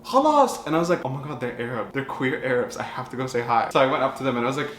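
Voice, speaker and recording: A man's voice: mid-range voice, fairly bright tone, slight background noise. A young man telling a campy, chatty storytime vlog with lots of expression. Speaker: vlogger. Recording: echoey room with faint ambience.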